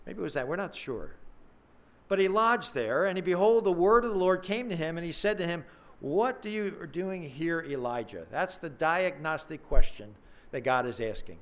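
Higher-pitched man preaching earnestly. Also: sing-song, normal speed, a bit bright. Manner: earnest, conversational preaching with dramatic emphasis. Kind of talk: sermon.

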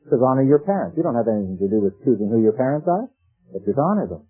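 A man delivers a sermon in an easy, conversational manner, quoting scripture and asking rhetorical questions. His voice is husky and sits at an ordinary pitch. It comes through a tinny, phone-like radio broadcast with faint music behind. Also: sing-song, racing. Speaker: preacher.

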